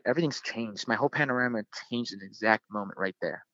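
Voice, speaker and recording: A man's voice: fairly low pitch, fast, hardly any pauses, pushed and bright, dry recording, dull audio. A man in his thirties, a soccer player, animatedly telling a story in an interview with lots of fillers. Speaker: guest, professional soccer player.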